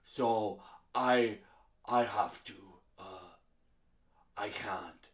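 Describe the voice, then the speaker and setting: A man voicing a menacing hulking crime boss, speaking low and halting. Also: roomy sound. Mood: grim.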